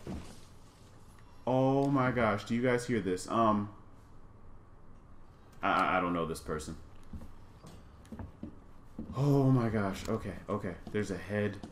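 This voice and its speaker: His voice is lowish and slow, with frequent pauses, and the recording is reverberant with a little hiss or hum. He's a gaming channel host doing a let's play, jumpy and prone to fright, repeating lines and joking self-deprecatingly and exclamatorily with his viewers.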